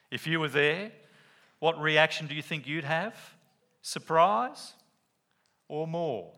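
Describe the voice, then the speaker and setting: A man preaching a sermon, walking through a Bible passage and acting out quotes as he tells a story. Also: on the high side. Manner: animated storytelling with acted-out quotes.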